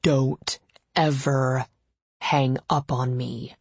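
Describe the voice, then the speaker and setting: Curt billionaire husband, low and slow, dry recording. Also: female voice, flat delivery, a little mellow, breathy edge, no echo, exaggerated voice. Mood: brusque. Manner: brusque and clipped.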